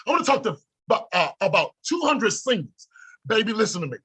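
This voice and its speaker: A middle-aged man giving a preachy, repetitive motivational pep talk as a trading mentor, laughing and breaking into shouts. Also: high voice, sing-song, quick pace, slightly rough.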